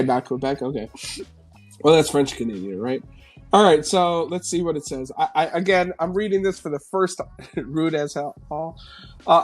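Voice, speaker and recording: A man from New York hosts a casual live stream from home, reading news headlines. He tears into them with sarcastic, swearing commentary and keeps breaking into laughter. Faint music plays quietly behind him. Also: on the high side.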